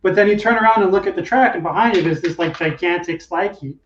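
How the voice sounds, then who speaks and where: High-voiced man on distant, echoey audio. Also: a little hiss or hum. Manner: measured, explains things step by step. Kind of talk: casual chat. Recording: distant, roomy, dull remote audio.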